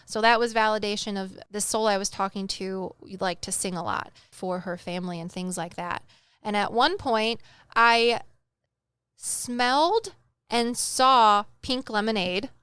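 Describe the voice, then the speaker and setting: A woman's voice: mid-range voice, measured pace, a bit bright, clear, resonant tone, no echo. A woman recounting a psychic reading in a chatty, emotional way, laughing and tearing up as she talks. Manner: chatty, gets emotional and laughs through tears. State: tearful at times. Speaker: medium telling stories. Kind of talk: casual storytelling chat.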